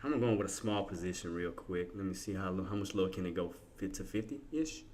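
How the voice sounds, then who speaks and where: A man's voice: deep voice, quick pace, a little mellow, slight background noise. A man streaming his live trades, thinking aloud in casual slangy talk and chatting with his viewers. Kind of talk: live trading commentary.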